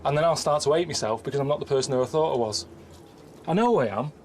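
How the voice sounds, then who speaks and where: An English man presenting a travel show, with a dry, grumbling, deadpan way of talking to camera, often from a busy street outdoors. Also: fairly high pitch, quick pace, slight background noise. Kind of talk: casual to-camera travel commentary. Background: music.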